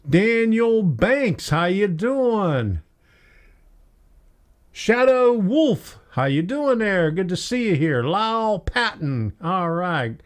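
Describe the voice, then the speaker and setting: An older man hosting a live stream, greeting viewers by name in a chatty, folksy way. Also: high voice. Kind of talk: casual live stream chat.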